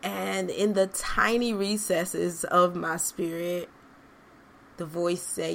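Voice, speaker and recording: This podcast host speaks slowly in a lowish, gravelly voice with a flat delivery, and there's slight background noise. Her reflective motivational monologue is earnest and conversational, aimed straight at her listeners.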